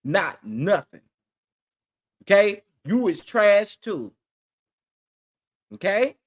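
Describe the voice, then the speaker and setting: A man chats on his live stream with plenty of sass and attitude. His pitch swings widely as he doubles down on phrases for emphasis. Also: drawn-out words. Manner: sassy and animated, repeats phrases for emphasis. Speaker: livestream host. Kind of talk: casual live-stream commentary.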